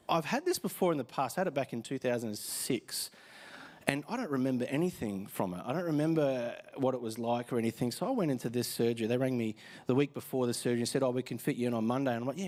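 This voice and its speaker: A man's voice: mid-range voice, darkish tone. A tired man with an Australian accent, a pastor chatting through a casual sermon from a church stage, telling stories with many fillers and restarts.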